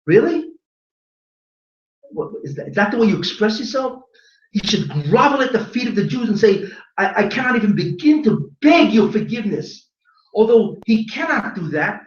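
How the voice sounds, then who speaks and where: A man with a high voice delivers a fiery religious lecture, pressing rhetorical questions on his listeners. He sounds set back from a dull-sounding microphone. His words ring out through an echoey hall. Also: distant mic. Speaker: rabbi giving a lecture.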